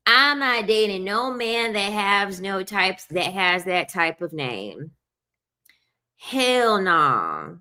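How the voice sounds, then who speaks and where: With a sharp tone in a mid-range voice, a woman rants casually to her audience, offering blunt opinions. She swears freely and repeatedly tells them "I'm sorry."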